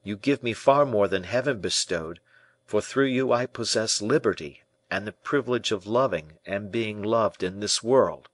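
A man's voice: normal speed, no echo, lightly acted. A man reading an audiobook, voicing a young imprisoned prince who pleads passionately and is full of distrust. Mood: impassioned. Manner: pleading, impassioned, rising pitch.

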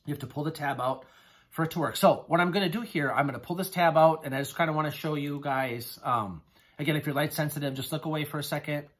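A man's voice: fairly high pitch, a bit bright. Gushing, effusive man vlogger. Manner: effusive, gushing thanks with halting restarts. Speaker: haul vlogger. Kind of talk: casual haul video chat.

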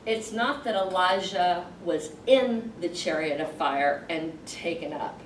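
A woman teaching a church Bible class, talking the group through a passage at an easy pace with fillers and pauses. She sits a little back from the mic in a roomy space. A faint hiss runs under her voice. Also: fairly low pitch, recorded from a distance. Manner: conversational, explaining with pauses and fillers. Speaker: Sunday school teacher.

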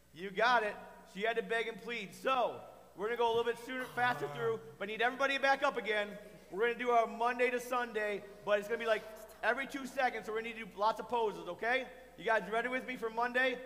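A man teaching a children's Bible lesson at church, playful and animated, quizzing the kids. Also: high voice. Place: church kids' room. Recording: echoey hall reverb.

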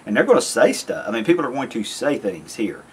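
A man's voice: medium pitch, sing-song, brisk, breathy edge. Folksy man rambling to camera. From American South. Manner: rambling, folksy, self-interrupting. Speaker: YouTube vlogger. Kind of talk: casual monologue to camera.

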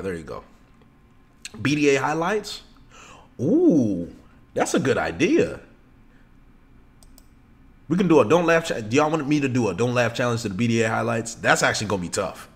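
Excitable slangy male streamer. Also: medium pitch, a little fast, pauses often. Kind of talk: casual live-stream chat.

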